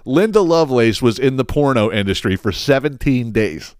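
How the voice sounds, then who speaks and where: A man hosting his own podcast, telling a story in a casual, profane and animated way, acting out the quotes. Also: mid-range voice, moderate pace, clean tone, no echo, studio quality. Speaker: podcast host.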